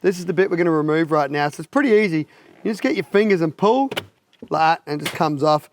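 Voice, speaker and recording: A man's voice: on the high side, expressive, fast. A man with an Australian accent presenting a casual, jokey how-to install video and laughing at his own fumbles. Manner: larrikin banter, laughs at himself.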